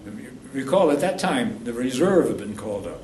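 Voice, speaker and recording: This New York State veteran, now in his eighties, talks fast and with great animation, his mid-range voice carrying a darkish tone. He rambles through wartime recollections for an oral history, correcting himself mid-sentence. Faint noise and a distant mic give the recording a roomy feel.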